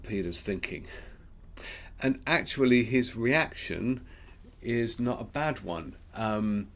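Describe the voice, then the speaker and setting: A man with an Australian accent giving a gentle, reflective Lenten devotional, pausing often with ums. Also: medium pitch, animated. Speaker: preacher.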